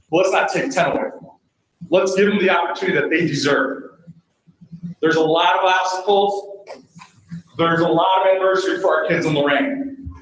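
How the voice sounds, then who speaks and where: A man's voice: on the high side, fairly bright tone. Young man pleading in an echoey hall. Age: young adult. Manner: impassioned, pleading. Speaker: football coach. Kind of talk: public comment at a school board meeting. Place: large meeting room.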